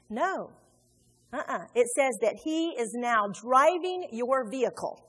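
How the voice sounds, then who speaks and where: A woman preaching a sermon in a church, animated and conversational, joking with her congregation. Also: a little high, slow, slightly rough. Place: church sanctuary. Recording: long hall reverb.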